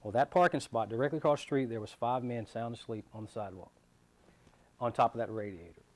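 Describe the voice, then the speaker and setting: A man's voice: mid-range voice, fast talker. A middle-aged man telling a personal story to an audience, acting out the voices of his family. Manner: animated storyteller, acts out voices of his son and wife. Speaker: business leader giving a talk.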